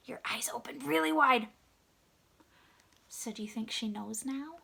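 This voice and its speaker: A woman reading a picture book aloud to young children, asking them gentle questions and sometimes dropping to a hushed whisper. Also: fairly high pitch. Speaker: children's story reader.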